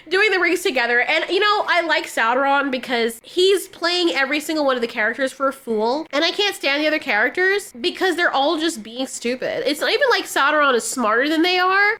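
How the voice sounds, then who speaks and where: A woman's voice: high-pitched, pushed and bright. A woman reviewing a TV show in casual commentary, ranting sarcastically with exasperation.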